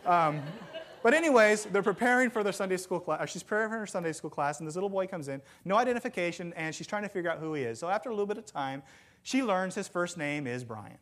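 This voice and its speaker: Lively, animated male preacher. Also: high voice, quick pace. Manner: lively storytelling, self-deprecating asides. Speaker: pastor. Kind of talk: sermon with jokes. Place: church sanctuary with congregation.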